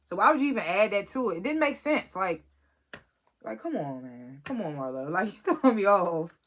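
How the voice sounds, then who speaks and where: A woman's voice: medium pitch, lively intonation, normal speed. Exasperated woman rambling through a TV recap. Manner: rambling and exasperated, frequent restarts and laughs. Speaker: reality TV recap vlogger. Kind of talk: casual episode review.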